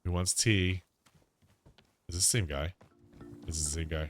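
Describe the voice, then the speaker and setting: A man hosting a casual let's-play, commenting in a playful, animated way. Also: deep voice, normal speed, pauses often, faint music behind. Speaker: gaming channel host.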